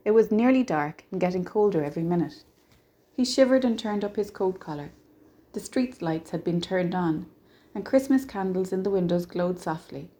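A woman narrating a story in a steady, measured way. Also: on the low side.

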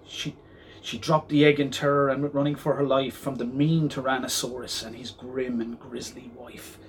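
Man, storyteller, children's picture book, rhythmic rhyming read-aloud, mid pitch. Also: flat delivery, moderate pace, slight background noise.

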